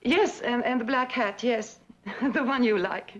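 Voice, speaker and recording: Drama lead: a heartbroken woman pretending to be calm on the phone, faltering and gentle, fairly high voice, muffled old recording. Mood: tender. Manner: halting, falters and restarts, soft-spoken. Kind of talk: dramatic monologue, one side of a phone call. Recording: dull lo-fi recording.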